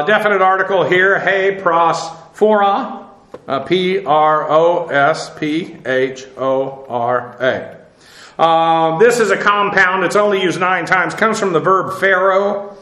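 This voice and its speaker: A man teaching scripture, breaking down Greek grammar step by step. His voice sits a bit high and rings bright and sharp, with many halting fillers as he spells terms out letter by letter. The room around him is echoey. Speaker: Bible teacher. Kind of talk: verse-by-verse Bible study with Greek word analysis.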